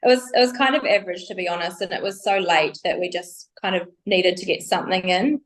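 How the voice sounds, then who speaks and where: A woman's voice: lowish voice, fast. A woman guest on a casual podcast, hesitant and often searching for words as she answers. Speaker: podcast guest, bikini athlete.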